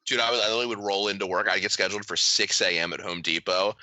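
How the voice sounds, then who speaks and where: A man's voice: sits low, very fast, sharp tone, dry recording. A young man co-hosting a comedy podcast, telling rambling stories and acting out what people said. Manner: rambling storyteller, acts out quotes. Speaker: podcast co-host. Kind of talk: casual comedic chat.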